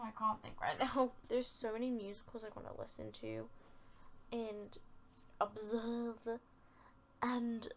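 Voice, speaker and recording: A woman's voice: a little high, creaky, a little hiss or hum. A young woman hosting a casual podcast, chatting and rambling with lots of filler words and giggles. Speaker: podcast host.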